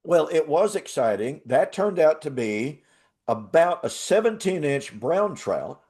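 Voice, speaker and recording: An older man hosting a talk show, telling a travel story in a casual, animated way and laughing often. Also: fairly high pitch, a little slow. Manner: animated, laughs often, acts out quoted voices. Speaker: show host.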